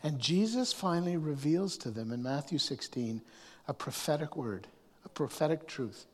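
A man preaching a sermon, often restarting his words and swinging from hushed asides to raised emphasis. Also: fairly high pitch, animated, normal speed. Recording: long hall reverb.

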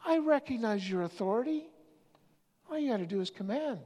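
A preacher voicing a proud male army officer who insists on his authority, speaking emphatically and climbing higher. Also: animated, a little fast, mellow, close to an everyday voice. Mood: insistent. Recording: long hall reverb.

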